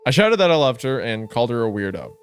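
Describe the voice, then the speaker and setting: A man co-hosting a horror podcast, trading jokes with quick laughs and dropping into a hushed voice to read the story. His pitch sits in an ordinary middle range. Soft music plays faintly under him. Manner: animated, laughs often, reads narration in a lower hushed tone. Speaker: podcast co-host reading a story. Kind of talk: casual horror podcast chat with story reading.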